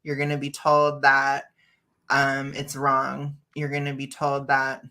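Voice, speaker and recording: A woman's voice: a bass voice, monotone, slow, sharp tone. A woman hosting a casual reaction stream over a video call, blunt and opinionated, often breaking into laughs. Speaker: stream host.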